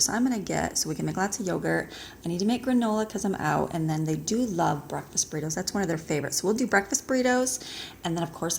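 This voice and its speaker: A woman's voice: fairly low pitch, creaky, a little hiss or hum. A woman in her thirties chatting casually to the camera at home, rambling along with many fillers. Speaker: vlogger, mother of a large family.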